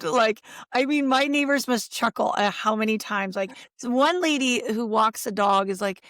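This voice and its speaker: In a studio-quality recording with no room sound, a middle-aged woman who is a Catholic speaker and author appears as an interview guest. Her voice is a little high, her speed normal, her pauses rare, and she acts out quotes while telling lively stories conversationally.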